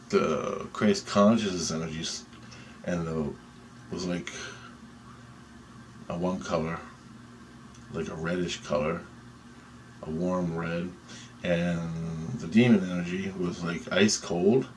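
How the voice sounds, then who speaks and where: Man, very low voice, rambling dream story, excitable, swears a lot, faint background hiss. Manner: excitable, profane, rambling with restarts.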